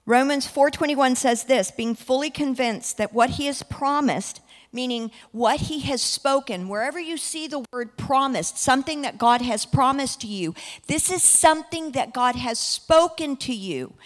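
Woman preacher, high voice, drags out key words real slow, big echoey hall. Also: animated. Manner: emphatic, stretching key words slowly. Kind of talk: sermon.

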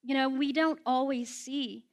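Young woman, slightly high voice, sharing a candid, emotional sermon in a conversational storytelling way. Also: fairly even intonation, measured pace. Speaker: speaker at a prayer house. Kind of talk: heartfelt personal sermon.

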